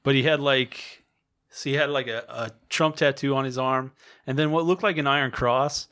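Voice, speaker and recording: A man trading loose, profane banter on a comedy podcast, laughing often as he talks. His voice sits at an ordinary middle pitch for a man. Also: normal speed, a bit bright. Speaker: podcast co-host. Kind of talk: casual comedic chat.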